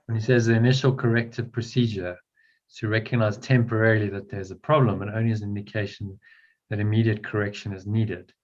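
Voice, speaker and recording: Man, study group leader, fairly low voice, patient explaining, repeats words, dull lo-fi sound. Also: little pitch movement, quick pace, a little mellow. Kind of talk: guiding a spiritual text discussion.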